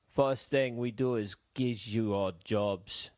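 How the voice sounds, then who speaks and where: A man voicing a gruff, superstitious quartermaster with a thick Greek accent, speaking slow, broken English. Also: lowish voice, darkish tone, dry recording.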